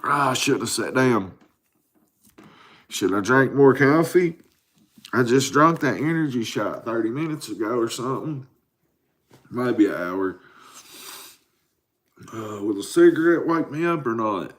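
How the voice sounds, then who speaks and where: A man in his forties, hosting a late-night livestream, rambles and cusses while answering viewers, drowsy from a caffeine crash. His medium-pitched voice is expressive, with a measured pace and long pauses.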